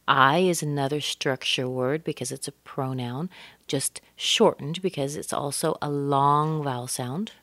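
Low-voiced woman coaching pronunciation. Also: a bit bright, no echo. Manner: demonstrates sounds slowly, repeating words. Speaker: accent coach. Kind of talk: pronunciation lesson.

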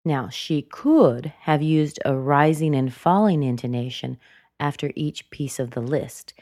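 A woman's voice: deep voice, measured pace, dark tone, no echo, clean studio sound. A woman teaching English pronunciation, explaining patiently and repeating words to show how the intonation rises and falls. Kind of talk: slow explanatory lesson.

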